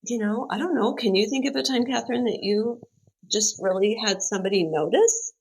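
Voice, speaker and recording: A woman's voice: a little high, fairly quick, darkish tone, rough recording. A middle-aged woman, a podcast guest, telling a heartfelt personal story in an earnest, open way that livens up as she retells it.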